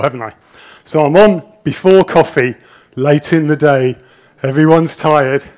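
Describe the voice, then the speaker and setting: A nervous man giving a conference talk on stage into a handheld microphone, telling stories in a chatty, self-deprecating way with frequent restarts. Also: on the high side. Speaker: conference speaker. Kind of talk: conference presentation, anecdotal storytelling.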